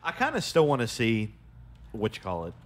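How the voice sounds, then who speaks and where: A man co-hosting a casual studio podcast, with a lively voice that rises and falls a lot. He keeps chiming in with quick agreements. His pitch sits at an ordinary middle level. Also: crowd noise. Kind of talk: casual chat.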